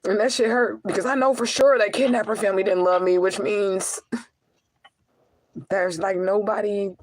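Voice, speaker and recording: A woman's voice: medium pitch, fairly even intonation, moderate pace, dry recording, poor audio. A young adult woman, talking in a raw, confessional personal vlog. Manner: raw, confessional, swearing, talks to her cat. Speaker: vlogger and spiritual reader.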